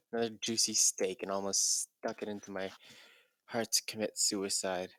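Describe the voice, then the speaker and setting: A young man giving a comedic dramatic reading in a deadpan voice, with exasperated asides. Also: lowish voice, no room sound. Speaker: YouTuber.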